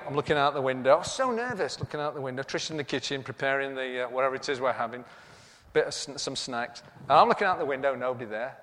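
A man's voice: mid-range voice, a bit bright. A man preaching, telling a comic story and acting out the dialogue in a self-mocking way. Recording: echoey hall with long reverb.

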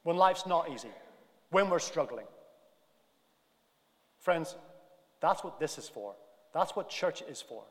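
A man preaching a sermon in a big church, animated and building to near-shouts at his emphatic points. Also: fairly high pitch, takes it slowly, long pauses, long reverb tail.

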